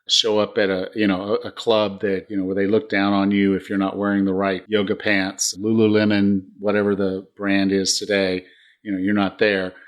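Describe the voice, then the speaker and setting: A man's voice: lowish voice, a bit bright. A man in his forties hosting a fitness podcast, chatting in a casual, upbeat way with frequent restarts. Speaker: podcast host, fitness coach. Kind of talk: casual interview chat.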